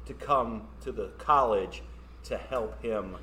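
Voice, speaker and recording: A man's voice: fairly low pitch, slow, pushed and bright, slight background noise. A man hosting a podcast, chattily recapping a movie's plot with his guest. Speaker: podcast host. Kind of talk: casual film discussion. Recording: roomy echo.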